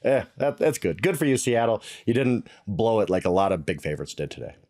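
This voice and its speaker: A middle-aged man co-hosting a casual sports analysis chat, emphatic and exasperated, thinking out loud. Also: fairly low pitch, very animated, brisk.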